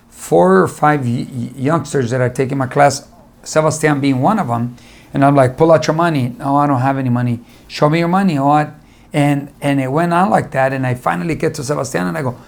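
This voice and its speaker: A middle-aged man speaks as a motivational speaker, his voice sitting a bit high with a gravelly edge. He tells personal stories, acts out the conversations and drives his advice home by saying it again. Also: darkish tone. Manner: storytelling, acting out conversations, repeats advice for emphasis.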